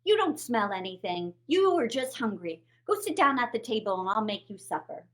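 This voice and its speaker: A motherly giant's wife who soothes and brushes off her husband in a low, calm voice, as a woman storyteller puts her on. It is a storybook voice, somewhat lower than the teller's own. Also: moderate pace. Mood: soothing. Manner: soothing, dismissive.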